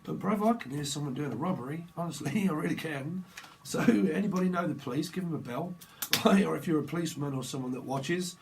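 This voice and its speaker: A man's voice: a little high, fairly quick, creaky, slight background noise, rough recording. A man doing a tarot reading, rambling and jokey, slipping into little acted-out scenes. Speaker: tarot reader.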